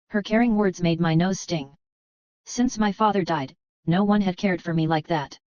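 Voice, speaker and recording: A woman narrating a first-person story in a steady, even reading voice. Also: lowish voice, moderate pace, clean tone, no room sound, lo-fi sound. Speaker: audiobook narrator.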